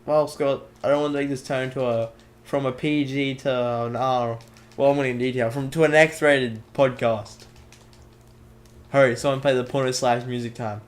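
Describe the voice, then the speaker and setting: A man's voice: steady tone, moderate pace. A teenage boy, chatting and joking on a casual podcast. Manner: joking, jumpy pitch. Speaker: podcast host. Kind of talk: casual chat.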